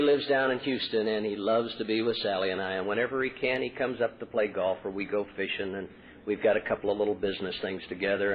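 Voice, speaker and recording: A man's voice: fairly low pitch, slight background noise. Earnest man on an old tinny tape. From Texas. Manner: earnest storytelling, acts out quoted dialogue. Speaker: AA convention speaker. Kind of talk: personal recovery talk at a podium. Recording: tinny lo-fi 1980s convention tape.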